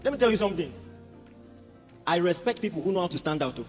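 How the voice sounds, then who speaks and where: A man preaching a sermon as a pastor, animated and humorous. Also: high-pitched, fast talker. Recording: reverberant hall with music behind.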